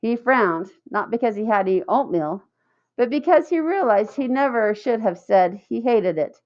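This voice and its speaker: A woman narrating a children's novel in a clear, steady read-aloud way, in a slightly muffled recording. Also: a little high, moderate pace. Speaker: audiobook narrator. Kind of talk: scripted narration.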